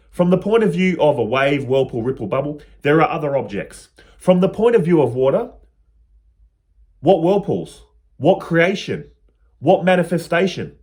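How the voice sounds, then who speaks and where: A man's voice: a little high, a little mellow. A man explaining spiritual teachings to his viewers in an earnest, personal, plain-spoken way.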